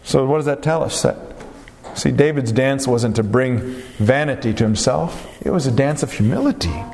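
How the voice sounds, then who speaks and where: A man preaching an expository sermon in an animated, conversational way. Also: medium pitch, moderate pace, vocal fry, a little hiss or hum. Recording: long reverb of a large hall.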